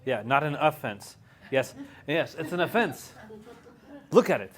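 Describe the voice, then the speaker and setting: A man's voice: a little high, expressive, measured pace. A man teaching an evening language class in a classroom, chatty and joking, laughing often. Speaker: Hebrew teacher.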